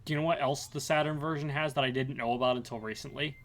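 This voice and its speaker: A man's voice: medium pitch, fairly even intonation, fast talker. A young man co-hosting a casual gaming chat, telling long rambling stories full of "like" and restarts. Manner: rambling, many fillers and restarts. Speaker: podcast co-host.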